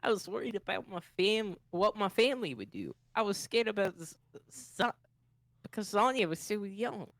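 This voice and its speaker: A woman's voice: mid-range voice, expressive, moderate pace, no echo, clean studio sound. A woman reading a character's lines in a fanfic table read, loose and laughing. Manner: laughing, loose reading with playful accent attempts. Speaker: reader voicing a fanfic character. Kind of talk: casual fanfic read-aloud on stream.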